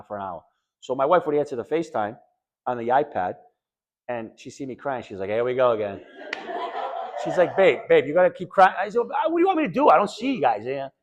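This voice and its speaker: A middle-aged man telling a group about his recovery after a lung transplant, animated, jumping between loud joking and quiet earnest talk, often repeating words. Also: mid-range voice. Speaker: lung transplant patient speaking to patients. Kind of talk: personal story told to a group.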